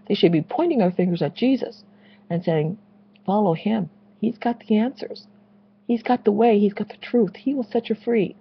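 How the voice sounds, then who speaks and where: Husky woman giving an earnest religious rant. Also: medium pitch, lo-fi sound. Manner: earnest, preachy, repeats phrases for emphasis. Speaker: Christian video blogger. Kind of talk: impassioned religious rant to camera.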